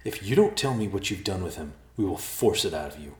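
A man voicing a hot-headed young man in a storybook, speaking forcefully and with threat in a deep voice in a roomy space. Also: lively intonation, brisk. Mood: angry. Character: angry young male brother, hot-headed. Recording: roomy echo.

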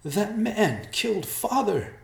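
A man voicing a frightened young woman in a storybook, pushing his voice high and straining as she shouts, in a roomy space. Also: very animated, slow, vocal fry, full character voice. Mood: desperate. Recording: roomy echo.

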